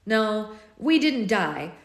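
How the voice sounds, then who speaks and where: A woman's voice: mid-range voice, sing-song, slow pace. Chatty woman reading a book aloud. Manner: chatty, playful, goes off on tangents. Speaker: book club host. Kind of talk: live read-aloud with casual asides. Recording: roomy echo.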